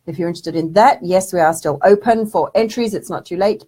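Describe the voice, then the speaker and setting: On her casual live stream, a spiritual development teacher briskly reads out viewer comments, affectionately calling them darling as she chats. Her voice is on the low side, dark and slightly rough.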